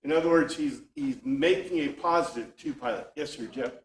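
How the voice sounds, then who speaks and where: A man's voice: medium pitch, a little fast, a little hiss or hum. A man teaching an informal Bible class, thinking aloud with frequent restarts. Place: classroom with a small group. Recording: echoey room, speaker far from mic.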